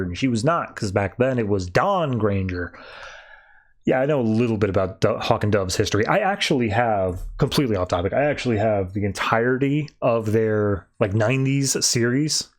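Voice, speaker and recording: A young man talks through a comic issue in a loose, chatty podcast recap. His voice sits in a middle register but leaps high whenever he acts out a character's panicked line, then drops back for his own take. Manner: animated retelling, acting out quoted lines with pitch jumps. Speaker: podcast host reviewing comics. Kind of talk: casual comic recap and review.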